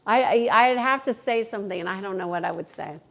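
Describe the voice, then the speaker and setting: A woman's voice: mid-range voice, a little fast, creaky. A woman hosting a live stream, chatting with viewers and answering their questions in a friendly, talkative way. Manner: warm, chatty, greets viewers by name. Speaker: livestream host and coach.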